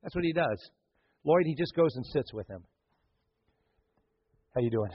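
A man preaching to his church, his voice sitting fairly high and carrying a husky grain. He tells the story with energy, acting out characters and turning to joke with the people in the room. The sound is a little dull and muffled. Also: fairly quick. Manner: animated storytelling, acts out scenes, jokes with the congregation. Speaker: pastor. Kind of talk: sermon. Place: church sanctuary.

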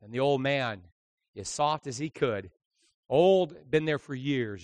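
A man preaching a sermon, telling a story and building his delivery to loud, shouted crescendos. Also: mid-range voice, expressive, slow, no echo.

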